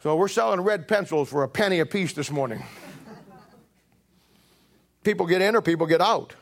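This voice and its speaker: High-voiced pastor in his seventies. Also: moderate pace. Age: 70s. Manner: folksy, emphatic storytelling with voiced quotes. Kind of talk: sermon. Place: church sanctuary.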